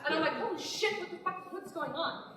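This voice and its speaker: A young woman improv performer telling a funny story on stage, animated and laughing, often exasperated. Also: very high voice, fairly quick, over a noisy crowd. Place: theater stage. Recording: echoey theater hall from far off, audience.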